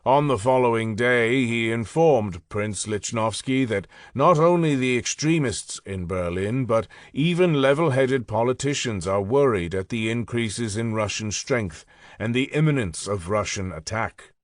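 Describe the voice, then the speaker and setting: A man narrates history in an even, mid-pitched voice, taking his time and leaning on important phrases. The recording is dry and close, with no room sound at all. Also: measured pace, dry recording. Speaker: audiobook narrator.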